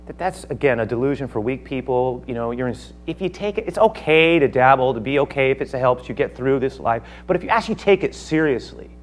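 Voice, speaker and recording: A man preaches in a lively, theatrical way, acting out the voices of the speakers in his text. He swings from quiet, hushed lines to loud outbursts. A faint hum runs underneath. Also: medium pitch, fairly quick, hardly any pauses. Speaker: pastor. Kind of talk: sermon.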